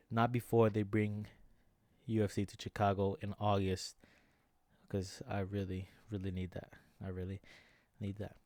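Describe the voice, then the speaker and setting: A man's voice: fairly low pitch, mellow, dry recording. A young man ranting in casual reaction commentary about fights, slangy and frustrated, saying "bro" a lot. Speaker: MMA vlogger.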